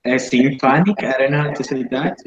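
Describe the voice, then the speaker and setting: A man's voice: mid-range voice, a little fast. A man whose first language is Spanish, an English student in casual conversation practice, unsure and groping for words. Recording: roomy, dull lo-fi, faint noise.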